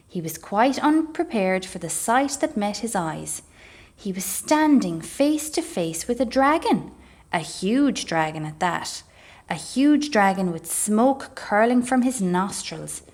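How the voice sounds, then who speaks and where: A woman reading a children's storybook aloud as a library storyteller, expressive and measured. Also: medium pitch.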